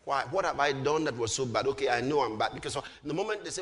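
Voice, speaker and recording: Fervent high-voiced preacher in a hall. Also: male voice, quick pace, few pauses. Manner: fervent, often shouting, drawing out words. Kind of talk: sermon. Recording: hall reverb.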